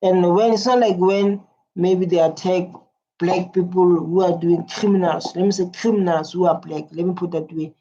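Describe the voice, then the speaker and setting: A woman's voice: on the low side, steady tone, moderate pace, dark tone. A woman hosting a reaction video, speaking earnestly, repeating herself and humming while she listens. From South Africa. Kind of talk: emotional reaction commentary. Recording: dull lo-fi audio with faint noise.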